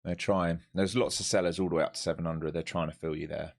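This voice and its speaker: Low gravelly man. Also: steady tone, quick pace. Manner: thinks aloud to viewers while watching charts, blunt and profane. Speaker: live-streaming day trader. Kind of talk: live trading commentary.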